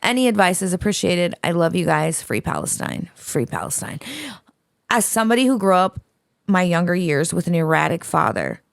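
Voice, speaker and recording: A woman's voice: lowish voice, lively intonation, fairly quick, gravelly, no room sound, clean studio sound. A woman co-hosting a podcast, reading a listener's letter aloud in a blunt, profane, dramatic way.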